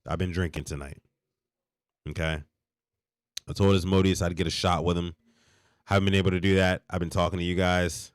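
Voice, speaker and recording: A hoarse young man, a bit sick, hosts a late-night live sports reaction stream from close to the mic. His voice sits low, and he rants with animated exasperation, stumbling and restarting as he goes. The sound is dry, with no room behind it. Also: brisk, long pauses, no echo. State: hoarse, under the weather. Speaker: podcast host.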